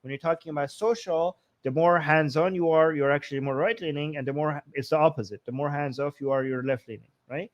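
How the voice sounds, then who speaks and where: A man's voice: fairly high pitch, highs cut off. A man co-hosting a live-stream talk show, arguing a point in a thinking-aloud way with frequent restarts. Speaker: political commentary co-host. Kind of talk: casual live-stream discussion.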